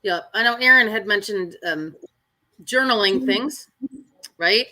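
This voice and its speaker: A woman dog trainer talking candidly in casual chat, often tagging her sentences with "right?" and filling pauses with "um". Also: mid-range voice, bright, forceful tone. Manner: candid, frequent fillers and "right?" tags.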